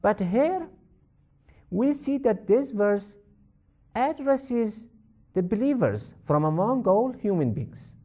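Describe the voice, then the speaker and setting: Male religious teacher, unhurried and lively in pitch, restates every point. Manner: measured, repeats points for emphasis. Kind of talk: explaining a Quran verse in a lecture.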